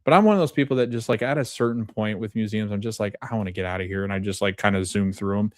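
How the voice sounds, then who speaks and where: Male podcast host, low voice, chatty and loose, laughs a lot while recapping a show. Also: quick pace, no echo, clean studio sound. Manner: chatty and animated, many fillers, laughs often. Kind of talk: casual TV episode recap.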